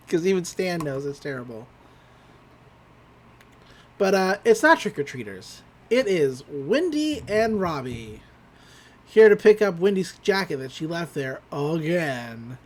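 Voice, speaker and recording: A man's voice: high voice, sing-song, slow, pauses often. A man hosting a podcast, casually recapping an episode and laughing often. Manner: laughs often, chatty with fillers. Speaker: podcast host.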